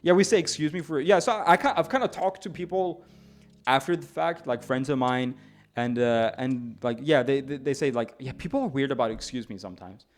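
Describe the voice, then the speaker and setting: A slightly drunk man who is not a native English speaker, telling a story to his stream chat in a rambling, animated way full of restarts and stammers. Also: medium pitch, fairly quick.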